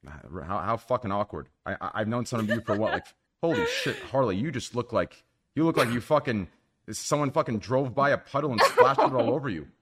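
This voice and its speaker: Male call host, crude and teasing, very lively pitch. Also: brisk, husky. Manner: profane, teasing, animated. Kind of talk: casual video call chat.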